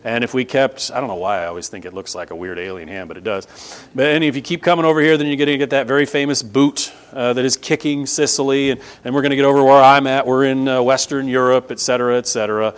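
A man with a mid-pitched voice leads a relaxed scripture lesson with a map, speaking fast with a clean tone. As a Bible teacher he stays conversational, often checking in with "right?" and stressing key words hard.

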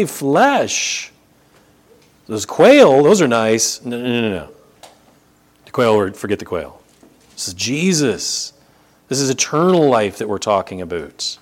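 A male preacher delivers a sermon with a lively, swooping pitch that climbs high and drops low. He reads scripture aloud, breaks off to explain it, repeats words for emphasis and draws out key phrases slowly. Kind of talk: sermon reading and expounding scripture.

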